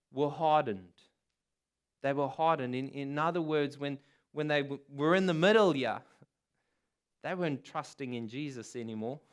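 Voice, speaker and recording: Earnest male preacher with a clear voice. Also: fairly high pitch. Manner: earnest, repetitive preaching with emphatic quotes. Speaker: pastor. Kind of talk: sermon.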